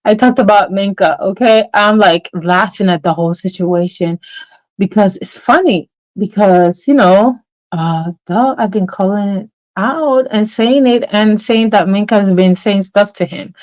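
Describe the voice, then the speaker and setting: Woman livestreaming into a phone, rambling chat, mid-pitched voice, dry close sound, slips into near whisper. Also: a little slow, no room sound, poor audio. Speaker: livestream host.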